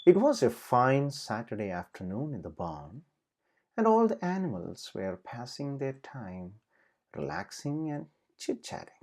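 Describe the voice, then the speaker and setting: A woman narrating a children's storybook with very expressive, swooping intonation. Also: a bass voice, unhurried.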